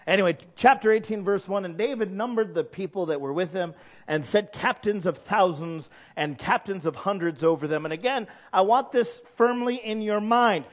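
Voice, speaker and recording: A man preaching a sermon as pastor, dramatic, dropping soft then bursting into shouts. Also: high voice, fairly quick, highs cut off.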